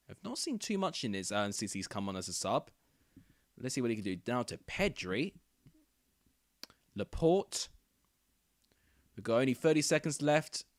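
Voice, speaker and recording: A young man commentating a football match live for his viewers, rambling and chatty, then bursting into loud excited calls at near misses. His voice sits at an ordinary middle pitch. The sound is dry and close, with no room echo. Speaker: YouTuber hosting a football watchalong.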